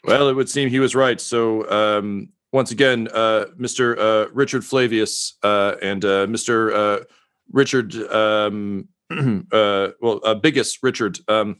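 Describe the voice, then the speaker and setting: A man voicing a sheepish, agitated male factory announcer over a loudspeaker, fawning and apologetic. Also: lowish voice, fairly even intonation, slow pace, smooth.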